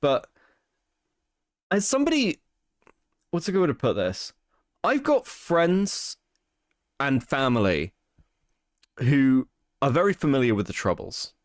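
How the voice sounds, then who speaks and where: A man's voice: mid-range voice, big pitch swings, unhurried, pauses often, no room sound, clean studio sound. A man co-hosting a casual stream chat, rambling and swearing as he restarts his sentences. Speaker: stream co-host.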